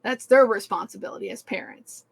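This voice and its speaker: A woman's voice: medium pitch, a little fast, vocal fry, slightly rough, low-quality recording. A woman co-hosting a casual podcast, speaking frankly with many "like" fillers. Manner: frank, filler-heavy, lots of "like". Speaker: podcast co-host. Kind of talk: casual chat.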